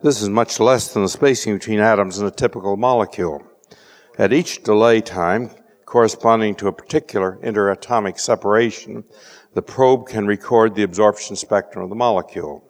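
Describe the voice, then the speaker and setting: A man giving a measured scientific lecture with dry wit, often pausing on "uh". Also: on the low side. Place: lecture hall. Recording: lecture hall reverb.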